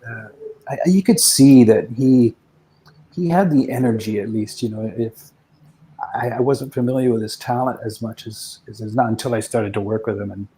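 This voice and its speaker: A man in his sixties, a guest musician telling rambling, reflective anecdotes with soft chuckles in a casual interview. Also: mid-range voice, normal speed, slight background noise, poor audio.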